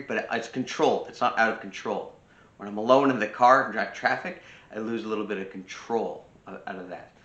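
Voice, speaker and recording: With a lowish, fairly bright voice, this man runs a personal growth channel and offers casual self-help advice. He keeps repeating key phrases for emphasis, and the sound is roomy and a little dull.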